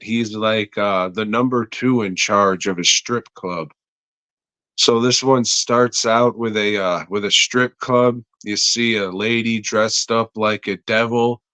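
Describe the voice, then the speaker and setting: A man's voice: on the low side, sharp tone, clean tone, no echo. A man hosting a podcast, reading a joking ad and then rambling crudely through an episode review. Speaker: podcast host. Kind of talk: casual episode review with ad read.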